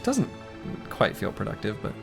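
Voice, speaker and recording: A man's voice: fairly low pitch, wildly swooping pitch, normal speed, gravelly, music in the background. A man streaming a game, chatting casually in a joking, rambling and self-mocking way. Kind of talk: casual gameplay commentary and chat.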